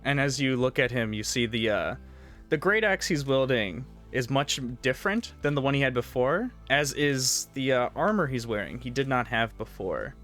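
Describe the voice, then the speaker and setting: A man's voice: mid-range voice, lively intonation, moderate pace, fairly bright tone, faint music behind. A man running a tabletop game as game master, narrating loosely with many fillers.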